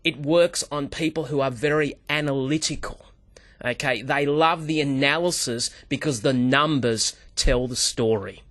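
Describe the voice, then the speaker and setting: A man, a sales trainer appearing as a guest, who tells stories in an animated way, acts out dialogue and keeps addressing the host by name. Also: mid-range voice, measured pace. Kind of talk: animated interview talk.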